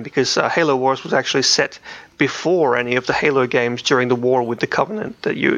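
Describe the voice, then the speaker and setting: A man's voice: mid-range voice, a bit bright, lo-fi sound. A man co-hosting a video game podcast in casual, rambling chat, with frequent restarts and fillers. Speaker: podcast co-host.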